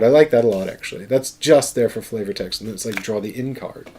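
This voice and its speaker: A man's voice: medium pitch, lively intonation, a little fast, dark tone, breathy edge. A man hosting a casual solo board game playthrough, chatty and thinking aloud as he counts out moves. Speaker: board game player and show host.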